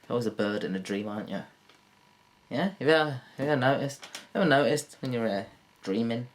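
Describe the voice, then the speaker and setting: A man riffs through a crude, rambling comic monologue. He is self-mocking, and his voice sits in an ordinary middle pitch. Now and then he leaps into silly high voices. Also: lively intonation, quick pace, slight background noise. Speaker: comedian. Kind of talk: rambling stand-up monologue to camera.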